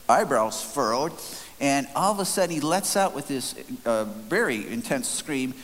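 A man's voice: mid-range voice, animated, moderate pace, a bit bright. A man preaching in an earnest, conversational storytelling way, with frequent restarts. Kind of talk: sermon storytelling. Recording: faint hiss, long hall reverb.

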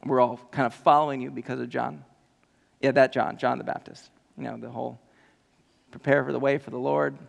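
Nervous stammering disciple voiced by a man, gravelly voice, echoey hall. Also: mid-range voice, little pitch movement, a little fast. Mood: awkward. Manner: hesitant, stammering, fumbling. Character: awkward nervous male disciple. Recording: long hall reverb.

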